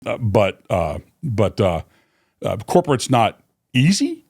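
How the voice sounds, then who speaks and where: A man in his fifties, a company vice president, tells stories casually in a podcast interview with a lowish, husky voice at a slow pace. He rambles with many fillers and restarts but grows animated when quoting people.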